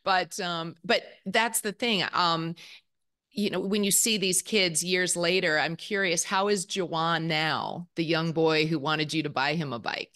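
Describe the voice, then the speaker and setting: Woman, interview host, curious and chatty, sharp bright tone. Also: on the low side, measured pace. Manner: curious, chatty, many ums and restarts. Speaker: podcast host. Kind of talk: casual interview questions.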